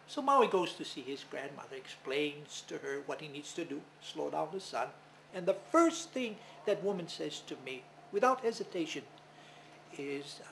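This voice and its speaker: A man telling a legend in the first person as its hero, in a dramatic, animated manner. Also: fairly high pitch, a little slow, gravelly, a little hiss or hum, rough recording. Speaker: storyteller.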